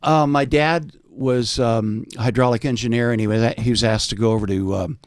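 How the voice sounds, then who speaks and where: An older American man, a veteran actor, telling animated anecdotes in casual chat and slipping into impressions. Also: medium pitch, fairly quick, no room sound, clean studio sound. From United States. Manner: animated storyteller, jumps into voices. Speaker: podcast guest, veteran actor.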